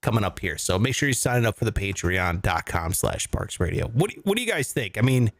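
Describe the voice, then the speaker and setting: A man's voice: lowish voice, sing-song, fairly quick, fairly bright tone. A man hosting a casual comedy podcast from home, joking and laughing through playful rants. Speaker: podcast host. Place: home studio.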